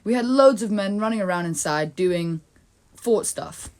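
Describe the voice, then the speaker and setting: A woman's voice: mid-range voice, lively intonation, unhurried, a little mellow, lightly acted. A young woman playing a blunt, curt colonel in an amateur history comedy sketch. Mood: matter-of-fact. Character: brash colonel, adult man, blunt and curt. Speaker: interviewee in a school history skit.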